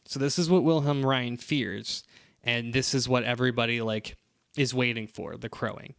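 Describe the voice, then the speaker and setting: On a podcast, a man casually recaps a comic series, rambling with lots of fillers and playful quoted lines in an animated retelling. His voice is gravelly and medium-pitched, at normal speed, in a dry recording.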